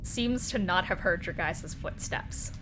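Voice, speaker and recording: A woman's voice: fairly low pitch, unhurried, music in the background. A young woman narrating as game master in a casual way, with lots of laughter and fillers.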